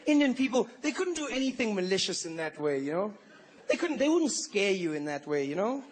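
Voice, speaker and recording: Animated, high-voiced male stand-up comedian. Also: brisk, slight background noise. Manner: animated, rambling, with frequent asides. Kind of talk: stand-up routine.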